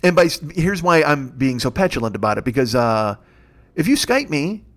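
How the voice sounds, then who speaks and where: A man's voice: mid-range voice, very animated, normal speed, a bit bright. A man in his fifties, a comedian and podcast host, telling a rambling, profane story with exasperated rants. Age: 50s. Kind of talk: storytelling monologue.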